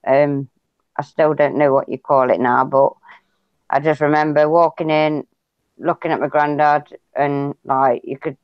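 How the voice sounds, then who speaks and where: A man's voice: on the high side, little pitch movement, unhurried, smooth, no room sound. A British man talking in a reflective, hesitant way during a casual chat. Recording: dull lo-fi sound.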